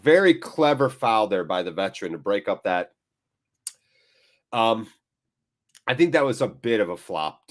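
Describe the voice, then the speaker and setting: A man hosts a live match watchalong with sniffly, blocked sinuses. He gives loose, chatty play-by-play that wanders into asides. His voice sits at a medium pitch. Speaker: host.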